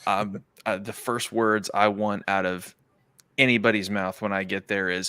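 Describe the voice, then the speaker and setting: A very deep, resonant male voice on a livestream chat. He sounds worn out from exercising and speaks in a slow, weary way. The mic sounds dry and close. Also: level tone, sharp tone, clear, resonant tone, no room sound. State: tired from exercise.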